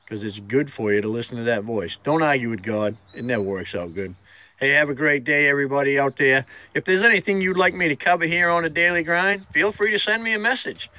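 Earnest folksy man with a bright, dry voice. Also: medium pitch, no room sound, dull audio. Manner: folksy, earnest, talks straight to the viewer. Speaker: host of a daily motivational vlog. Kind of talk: casual inspirational storytelling.

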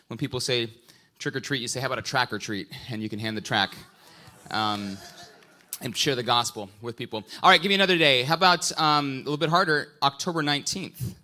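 A middle-aged man, a pastor, giving a sermon and quizzing the congregation in a lively, playful way. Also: medium pitch. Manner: prayerful, quiet and hushed when praying. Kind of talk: sermon with audience interaction.

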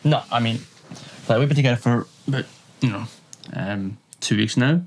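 A man's voice: mid-range voice, normal speed, darkish tone, slight background noise, close to an everyday voice. An actor playing a young man with dry, wisecracking banter with his girlfriend. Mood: wry. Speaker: boyfriend.

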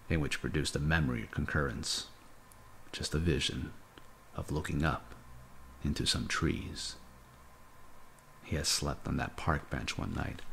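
A man reading a novel aloud as a live audiobook narrator, in a measured, unhurried way. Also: rumbling low, gravelly, fairly bright tone, a little hiss or hum.

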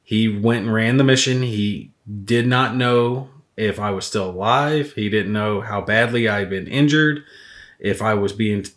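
A man's voice: fairly low pitch, a little slow, a bit bright. A man chatting casually while painting miniatures, rambling through stories and swearing freely. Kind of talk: casual rambling hobby chat.

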